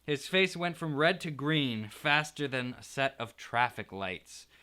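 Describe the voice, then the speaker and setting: Expressive man reading a storybook aloud. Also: medium pitch, a little slow. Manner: expressive, playful. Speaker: art teacher reading aloud.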